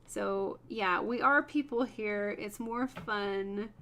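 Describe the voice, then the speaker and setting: A woman's voice: mid-range voice, takes it slowly, fairly bright tone, a little hiss or hum. A woman hosting a wood burning livestream, chatting casually with viewers by name and laughing often while she works.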